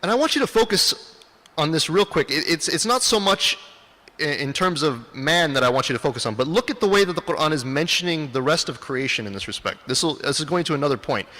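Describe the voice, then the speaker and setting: A man's voice: on the high side, lively intonation, brisk, bright, forceful tone. Man lecturing in a reverberant hall. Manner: asks the audience questions and answers them himself. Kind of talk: lecture presentation.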